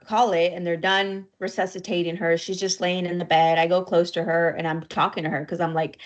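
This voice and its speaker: A woman co-hosting a podcast, telling a personal story in an emotional, halting way, near tears. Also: fairly low pitch, dull audio. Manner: emotional, halting, with fillers and soft laughs. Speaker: podcast co-host.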